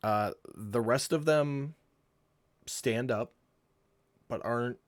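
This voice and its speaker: A man's voice: medium pitch, slow pace. A man running a tabletop game online as game master, explaining rules in an easygoing, patient way.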